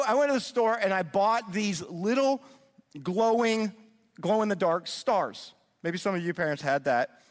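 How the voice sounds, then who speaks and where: High-voiced man preaching in a big hall. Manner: animated, checks in with "okay?". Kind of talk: sermon-style teaching talk. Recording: long reverb of a large hall.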